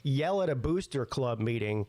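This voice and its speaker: A man's voice: mid-range voice, expressive, moderate pace, a little mellow, no room sound. Sarcastic man mocking a clip. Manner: mocking, wisecracking, blunt. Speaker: podcast host. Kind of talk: sarcastic commentary over a played clip.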